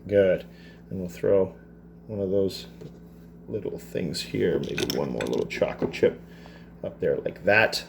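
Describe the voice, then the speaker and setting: A man teaching a cooking class, talking through a dessert step by step in a relaxed, chatty way with self-deprecating asides. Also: low-pitched, a little slow, vocal fry, pauses often, slight background noise. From Canada. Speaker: culinary teacher. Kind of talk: cooking demonstration. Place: school kitchen.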